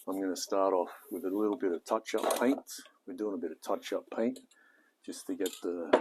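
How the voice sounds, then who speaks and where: A man's voice: low-pitched, background noise. An Australian man with a joking manner, chatting casually and muttering to himself as he streams his hobby car repair. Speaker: hobby mechanic and live streamer. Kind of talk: casual live-stream chat while working.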